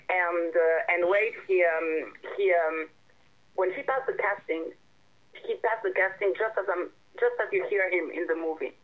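Woman filmmaker, tinny phone line, keeps restarting and hunting for words. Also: on the low side. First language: French. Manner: halting, searching for English words, many restarts. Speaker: filmmaker and director. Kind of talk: interview answers.

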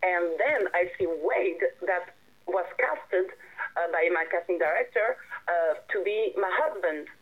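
A woman's voice: on the low side, animated. Woman on a tinny phone line. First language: French. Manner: halting, searching for English words, many restarts. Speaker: filmmaker and director. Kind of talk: interview answers.

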